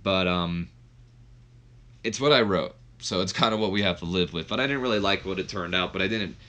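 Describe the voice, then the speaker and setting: A man's voice: low voice, fairly quick, fairly bright tone. A man hosting a let's play, casually narrating and commenting in a rambling, self-deprecating way.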